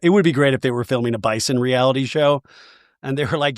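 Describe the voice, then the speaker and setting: A man hosting a podcast, recapping a reality show with animated, mocking asides. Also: quick pace, dry recording, studio quality. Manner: animated, does high-pitched mocking impressions of cast members. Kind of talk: comedic recap monologue.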